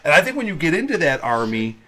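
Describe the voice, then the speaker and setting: Animated joking male host. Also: on the high side, fast. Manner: animated, joking, addresses the audience as folks. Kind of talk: casual chat.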